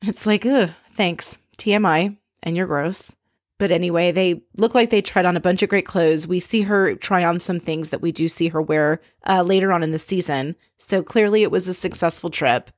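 A woman's voice: on the low side, moderate pace, no room sound, studio quality. A woman hosting a casual recap of a reality show, blunt and exasperated, swearing freely.

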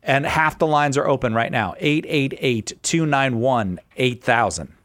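A man's voice: medium pitch, measured pace, no room sound. Upbeat male radio host. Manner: energetic, jokey, repeats phone number. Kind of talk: call-in radio talk.

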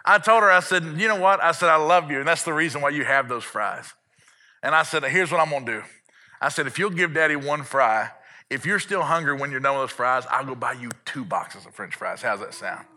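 A man's voice: on the high side, lively intonation, fairly quick, bright, forceful tone. A man preaching a sermon as pastor, telling a family story with playful asides to the congregation.

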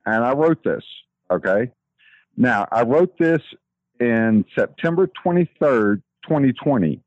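A man with a Texan accent calling into a talk show by phone, rambling and then reading his own poem in a slow, measured way. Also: mid-range voice, darkish tone, no room sound. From Texas. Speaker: caller. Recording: dull lo-fi phone line.

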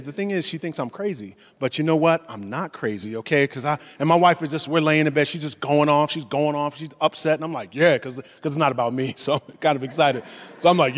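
A man in his forties preaching a sermon, telling stories in a lively way and acting out the voices of the people in them. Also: fairly high pitch, fast. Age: 40s. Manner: animated storytelling, acts out voices. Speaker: pastor. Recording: long hall reverb.

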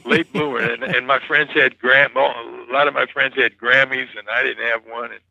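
A man with a gravelly, bright and sharp-edged voice tells stories in a loose, rambling way, full of restarts and "you know"s. The sound is dry and close but a little muffled and lo-fi. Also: mid-range voice, fairly even intonation, moderate pace, no echo. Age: 40s or older. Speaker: guest musician. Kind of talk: casual interview storytelling.

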